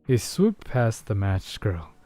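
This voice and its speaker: A man reading a story aloud to his stream chat in a soft-spoken, unhurried way on a close mic. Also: on the low side, very animated.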